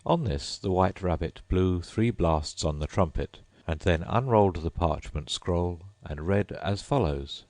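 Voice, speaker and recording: A man reading a classic storybook aloud as an audiobook narrator, in an expressive storytelling manner. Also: low-pitched, a little slow, hardly any pauses, dry recording. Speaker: audiobook reader. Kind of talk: scripted narration.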